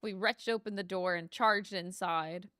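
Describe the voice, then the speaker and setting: A woman streamer reading game dialogue aloud during a playthrough, expressive, swearing and joking to chat. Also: mid-range voice, a little slow, dry recording, clean studio sound.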